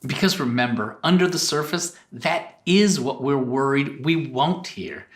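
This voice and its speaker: A man's voice: medium pitch, measured pace, fairly bright tone, echoey room. Middle-aged guy co-teaching marriage stuff, earnest and direct, talks right to the viewers. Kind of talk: teaching talk to camera.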